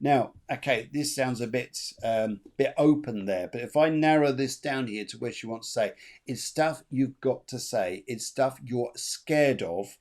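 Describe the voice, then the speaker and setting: A man's voice: mid-range voice, a little slow, hardly any pauses, darkish tone. Chatty man giving a reading. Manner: chatty, repetitive, laughs often. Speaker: medium, show host. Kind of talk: live spiritual reading.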